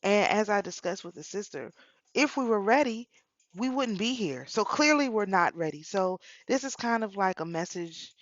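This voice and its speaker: A woman's voice: medium pitch, expressive, moderate pace, no echo, dull audio. A middle-aged woman talking casually about spiritual practice, telling a personal story with repeated phrases. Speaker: spiritual channel host.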